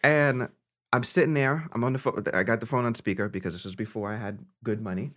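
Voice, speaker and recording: This podcast co-host is a young man with a fairly low-pitched voice and a quick pace. Chatting casually, he spins out a long story, swearing freely and laughing all the way through with animated energy.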